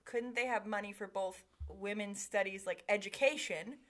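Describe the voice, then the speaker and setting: A woman making wry jokes and quick asides in casual podcast chat. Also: medium pitch, steady tone, fairly bright tone.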